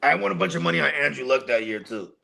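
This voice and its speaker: A man's voice: on the high side, animated, fast talker, gravelly, sharp tone, a little hiss or hum, poor audio. A man co-hosting a live sports watch party, telling loose, profane, joking stories in casual banter. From California.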